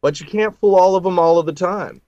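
A man co-hosts a radio show with a slightly high voice. He talks in halting bursts full of fillers and drops deadpan puns. The sound is dry and close. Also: no room sound, lo-fi sound. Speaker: radio co-host presenting history facts. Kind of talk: casual radio banter. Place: radio studio.

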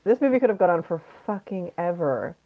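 Low, lively woman on a dull recording. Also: brisk, over a noisy crowd. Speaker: podcast guest. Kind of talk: casual chat among friends.

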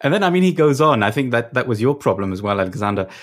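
A man's voice: mid-range voice, sing-song, fast. A man hosting a podcast, guiding the discussion in a conversational way. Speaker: podcast host. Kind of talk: casual discussion.

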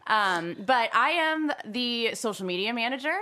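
Woman, podcast guest, enthusiastic, says "like" a lot, bright tone. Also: fairly high pitch, lively intonation, measured pace. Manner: enthusiastic, giggly, uses "like" a lot. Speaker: social media manager, podcast guest. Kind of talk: casual podcast chat.

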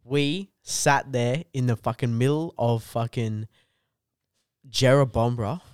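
Aussie dude telling a wild school story, swears a lot, cracks himself up, dry close sound. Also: male voice, mid-range voice, takes it slowly, smooth, no echo. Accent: Australian. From Australia. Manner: rambling, sweary, says "dude" constantly; animated, laughs through own story. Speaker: comedian guest. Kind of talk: casual podcast storytelling.

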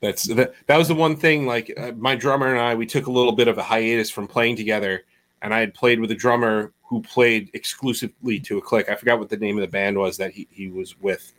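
A man's voice: fairly low pitch, steady tone, brisk, a bit bright. Casual, rambling male musician. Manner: rambling, with fillers and restarts. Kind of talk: casual chat.

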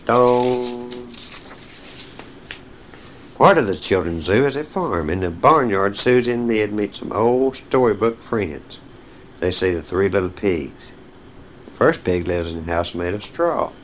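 A man's voice: on the low side, expressive, moderate pace, slight background noise, rough recording. A man reading children's picture-book stories aloud, speaking directly to young listeners and telling them when to turn the page. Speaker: storyteller.

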